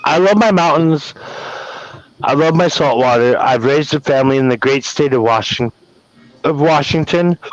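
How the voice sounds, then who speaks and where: Man, fairly high voice, rambling and profane, venting in casual chat, dull dry lo-fi audio. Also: normal speed, dry recording, soft background music. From Wyoming. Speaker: guest caller venting. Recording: dull lo-fi sound.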